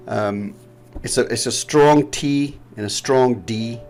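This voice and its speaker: Man, Pakistani English accent, mid-range voice with some fry, rambling explainer who often laughs. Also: mid-range voice, darkish tone. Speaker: trading educator. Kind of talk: casual chart-analysis chat.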